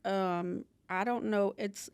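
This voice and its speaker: Clear-voiced woman counselor, reflective. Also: medium pitch, steady tone, slow, a little mellow, no echo. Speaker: addiction counselor, podcast guest. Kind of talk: casual recovery podcast conversation.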